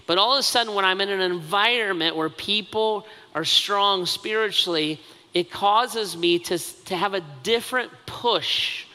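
Bright, high-voiced man preaching in a hall. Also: clean tone. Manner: conversational and self-mocking, with many asides. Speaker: pastor. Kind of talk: sermon.

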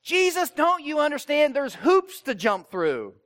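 A preacher voicing a group of fussy, rule-bound religious scholars who lecture in exasperation and pile up objections. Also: male voice, very high-pitched, sing-song, fast talker, sharp tone, no echo, studio quality, pitched above the performer's own voice, exaggerated voice. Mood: indignant.

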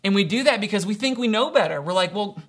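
Young male pastor, bright voice, casual sermon delivery with many "right"s and "kinda"s. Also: high voice, animated, fast. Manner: acts out quoted voices in storytelling.

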